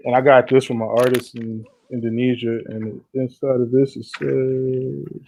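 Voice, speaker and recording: A man who is a guest on a podcast talks casually, explaining things in an unhurried way. His pitch barely moves and stays at a mid level. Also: level tone, vocal fry, a little mellow, slight background noise, rough recording. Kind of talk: casual chat.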